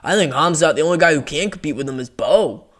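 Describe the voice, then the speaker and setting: A young man with a slightly high voice delivers casual commentary as a heated rant. He swears freely and sounds fed up. His talk is exasperated and blunt throughout. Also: expressive, quick pace, fairly bright tone. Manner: heated, profane, exasperated ranting. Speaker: MMA commentary YouTuber.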